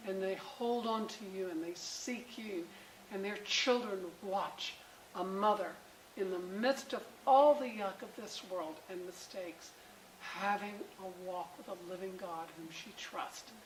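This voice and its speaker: A middle-aged woman teaching a Bible class for mothers and closing in prayer, animated and emphatic, with bursts of excitement. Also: mid-range voice, a little slow. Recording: echoey room with faint background noise.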